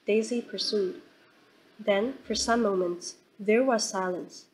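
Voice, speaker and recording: Female audiobook narrator, steady and even, reading a classic novel. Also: medium pitch, slow, slight background noise, low-quality recording.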